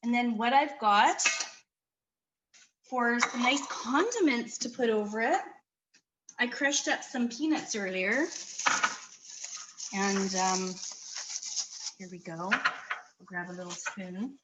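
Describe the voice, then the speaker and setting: A woman's voice: a little high, takes it slowly, long pauses, heavy background noise. A woman from Canada giving a casual cooking demonstration in a community kitchen, chatty and enthusiastic as she tells stories.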